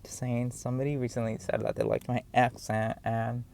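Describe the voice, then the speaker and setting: A man's voice: medium pitch, little pitch movement, a little fast, gravelly, darkish tone, slight background noise. A man with a noticeable accent giving an earnest, rambling talk to camera, encouraging viewers with many fillers and repeated words. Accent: noticeable non-standard accent. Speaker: vlogger. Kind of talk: casual motivational talk to camera.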